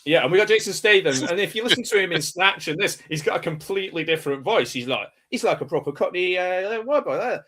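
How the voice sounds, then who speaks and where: A man's voice: on the high side, normal speed, fairly bright tone. A man hosting a live watch-party stream, chatting casually and laughing often. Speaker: stream host.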